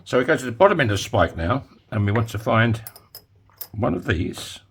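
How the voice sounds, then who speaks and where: A man's voice: mid-range voice, very animated, moderate pace, a little hiss or hum. A man giving a casual DIY tutorial in his home workshop, chatty and jokey with self-mocking asides. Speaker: coin ring maker.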